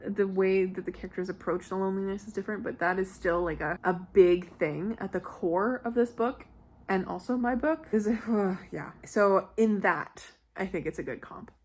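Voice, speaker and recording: A Canadian woman, an author and book vlogger, talking in a chatty, animated way and swearing casually. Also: medium pitch, moderate pace. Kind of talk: casual vlog talk.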